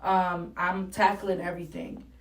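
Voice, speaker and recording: A woman's voice: lowish voice, little pitch movement, unhurried. A young adult woman from New England with a New England accent, talking bluntly and profanely as a rapper in a casual interview. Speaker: rapper guest. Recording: roomy and distant mic.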